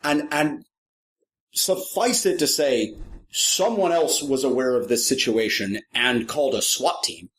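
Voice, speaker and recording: On a podcast, a middle-aged man who works as a professional clown shares an animated anecdote in an unhurried, slightly rough voice. His humor is wry and self-mocking, and he performs the quoted voices with dramatic shifts in pitch.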